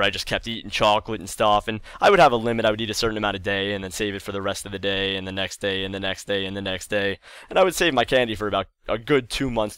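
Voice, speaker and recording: A man's voice: lowish voice, a bit bright, smooth, dry recording. A man telling a childhood story in a casual vlog, chatty and rambling, repeating words for emphasis. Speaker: YouTube storyteller.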